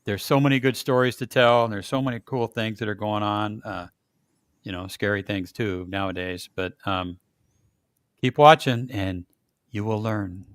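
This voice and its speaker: A man's voice: on the low side, steady tone, moderate pace, smooth, no room sound, clean studio sound. An older man hosting a casual podcast chat, telling jokey stories with chuckles. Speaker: podcast host.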